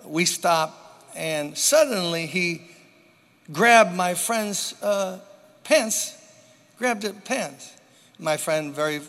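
A man preaching a sermon to a church congregation, with dramatic pauses and emphatic repetition. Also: on the high side, creaky, a bit bright. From New York. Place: church sanctuary. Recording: long hall reverb.

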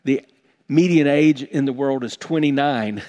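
A man's voice: medium pitch, a little slow, a little mellow. A man preaching a sermon to his congregation, earnest and emphatic, often repeating and restarting words. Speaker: pastor.

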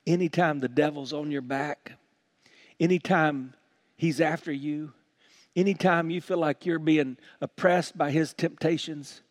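A man preaching a sermon as pastor, swinging from quiet, slow lines to loud, shouted ones. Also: a little high, dry recording, clean studio sound.

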